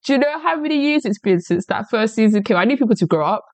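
A woman's voice: a little high, animated, fast talker, a little mellow, no echo. Brash, teasing woman podcast host. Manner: teasing, brash, laughs often. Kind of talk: casual podcast chat.

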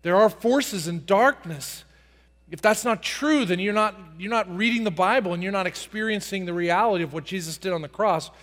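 A male pastor preaching a sermon in a dramatic style, acting out prayers and swinging from soft to booming. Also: moderate pace, long reverb tail. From United States.

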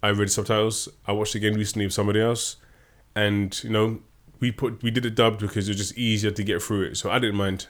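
A man's voice: lowish voice, little pitch movement, fast talker, hardly any pauses. Chatty man co-hosting a podcast. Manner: playful, rambling, many restarts. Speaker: podcast co-host. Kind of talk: casual chat.

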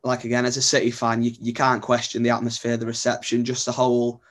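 A man talks as a podcast guest in an even, mid-pitched voice. He weighs his points calmly and keeps the chat relaxed. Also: fast. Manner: thoughtful, analytical, easygoing. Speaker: podcast guest, club editor.

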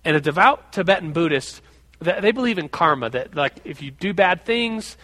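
Animated high-voiced preacher in a reverberant hall. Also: male voice, normal speed. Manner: animated storytelling, acting out childhood quotes. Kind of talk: sermon with a personal story.

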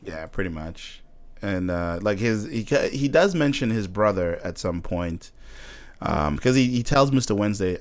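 Male co-host, lowish voice, loose and chatty, lots of laughs and fillers. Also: animated, moderate pace. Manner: laughs often, many fillers and restarts. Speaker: podcast co-host. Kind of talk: casual chat about a TV show.

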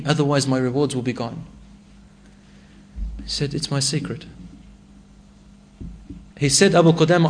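A man preaching a sermon, reciting Arabic verses and retelling a story with rising emotion. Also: a little high.

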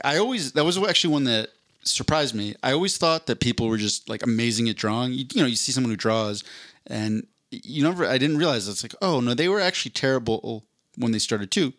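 A man's voice: mid-range voice, fairly bright tone, dry recording, studio quality. A man co-hosting a podcast, telling a long casual story with lots of restarts and self-corrections. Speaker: podcast co-host. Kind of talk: casual chat.

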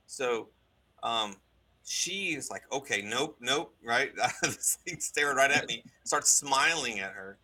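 A man telling a story in casual conversation, animated, with many restarts and asides. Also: medium pitch. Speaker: guest recounting a deliverance.

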